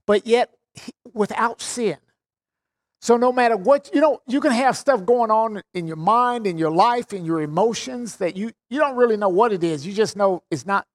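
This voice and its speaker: A man preaching a sermon, expounding scripture with emphatic repetition and casual conversational asides. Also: sits high. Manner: emphatic, repeats phrases for stress.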